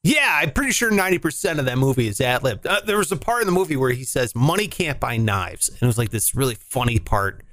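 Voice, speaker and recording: Animated, rambling man telling stories. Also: mid-range voice, quick pace, few pauses, no echo. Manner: rambling, animated storytelling with swearing and impressions. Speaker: podcast co-host. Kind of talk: casual chat.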